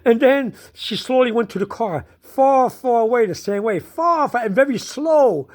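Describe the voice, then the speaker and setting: A casual personal storyteller talking through a frustrating day. They speak slowly and loop back over the same phrases again and again. Frequent bursts of laughter run through the telling. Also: medium pitch, animated, a little mellow. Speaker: storyteller recounting their day.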